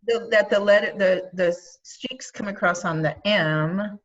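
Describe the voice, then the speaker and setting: A woman's voice: medium pitch, measured pace, dull audio. A woman in a class asking questions and thinking aloud about a classmate's design, over a video call.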